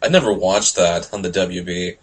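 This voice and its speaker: A man's voice: sits low, normal speed, slightly rough. A man in casual podcast chat who talks loosely and laughs easily. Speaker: podcast co-host.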